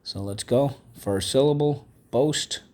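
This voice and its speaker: A man of medium pitch and darkish tone takes his time as he teaches vocabulary and phonics. Patient throughout, he repeats each word and has the class echo it.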